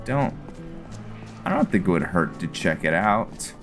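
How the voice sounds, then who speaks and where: A man hosting a let's play video, giving relaxed, casual gameplay commentary and thinking aloud with fillers. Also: deep voice, measured pace, music in the background.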